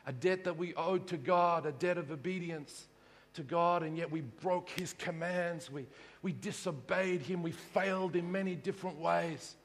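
Aussie pastor, high voice, goes from quiet to shouting, churchy echo. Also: male voice, moderate pace. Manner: dynamic, swinging from hushed to shouting. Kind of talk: sermon.

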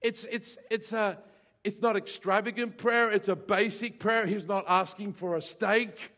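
High-voiced lively preaching man. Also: unhurried. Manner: lively preaching, rising to near-shouts, playful asides to the congregation. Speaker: pastor. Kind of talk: sermon. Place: church hall with congregation.

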